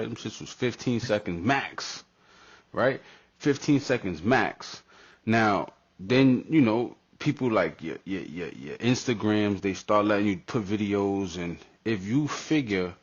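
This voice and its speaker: A man co-hosting a podcast, talking casually and reflectively, dropping into relaxed street talk. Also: on the low side, dull audio. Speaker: podcast co-host.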